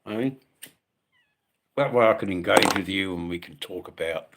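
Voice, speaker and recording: Laid-back Aussie bloke, low voice. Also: male voice, lively intonation, moderate pace, a bit bright. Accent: Australian. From Western Australia. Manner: rambling and laid-back, many ums, casual swearing. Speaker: motorcycle channel host on a live stream. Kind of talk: casual live-stream chat. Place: at home.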